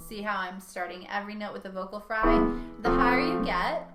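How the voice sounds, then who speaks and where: A young woman vocal coach giving a singing lesson, talking in a lively way and showing each sound with her own voice. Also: medium pitch, normal speed, reverberant, over loud music.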